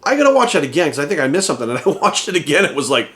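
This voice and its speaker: A fitness coach rants into his channel, heated, indignant and swearing freely. His voice sits a little higher than most men's. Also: very animated, rapid-fire, fairly bright tone. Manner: profane, heated, indignant ranting. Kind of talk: ranting commentary to camera.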